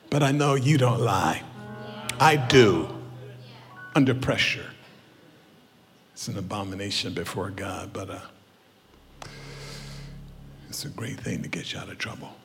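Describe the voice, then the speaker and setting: Storytelling preacher in a ringing hall. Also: male voice, medium pitch, lively intonation, measured pace, vocal fry, long pauses. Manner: storytelling, swings from hushed to loud. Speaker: pastor. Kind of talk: sermon. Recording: roomy church hall with music behind.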